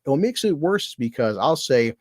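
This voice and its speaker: A man chats loosely on his livestream, rambling from one friend to the next and swearing freely. His voice sits at an everyday middle pitch. The sound is dry, with almost no room around it. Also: very animated, fairly quick, darkish tone, dry recording. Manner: rambling, profane, self-deprecating; laughs between remarks. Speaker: streamer thanking fellow creators. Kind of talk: casual livestream chat.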